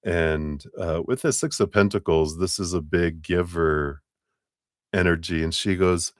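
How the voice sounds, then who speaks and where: A man's voice: low voice, unhurried, dry recording, studio quality. A man giving a live tarot reading, chatty and rambling, often breaking into laughter. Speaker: tarot reader.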